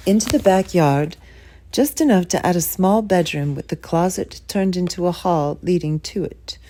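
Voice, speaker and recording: A woman reading a children's chapter book aloud with expressive storytelling. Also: lowish voice. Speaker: reader.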